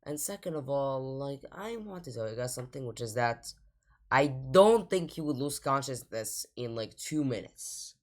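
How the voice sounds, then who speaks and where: A woman's voice: rumbling low, expressive, normal speed. A woman hosting a reaction video, talking casually and rambling in exasperation.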